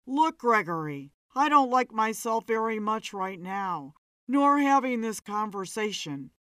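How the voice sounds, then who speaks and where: A woman reading a story aloud voices Kerr, a grave, uneasy older man who breaks bad news reluctantly, dropping her voice somewhat lower. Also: sing-song, unhurried, a bit bright, clear, resonant tone, no room sound.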